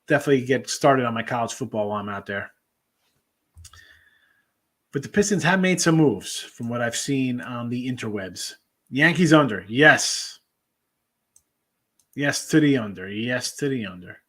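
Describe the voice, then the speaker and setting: Reading viewer comments during a casual livestream, a sports betting show host chats loosely and moves from topic to topic. His voice is mid-range with a fairly bright tone.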